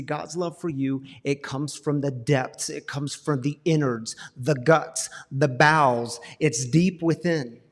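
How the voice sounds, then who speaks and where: A middle-aged man preaching a passionate sermon, swinging from emphatic questions to soft confessional tones. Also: fairly high pitch, in a large hall. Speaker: pastor.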